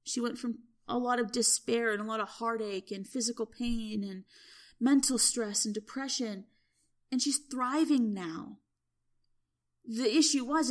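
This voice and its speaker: Woman coach hosting a solo podcast, fairly high voice, chatty and conversational, peppers her talk with "you know". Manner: chatty storytelling, frequent "you know" and "right?". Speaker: spiritual development coach, podcast host. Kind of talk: casual solo podcast monologue.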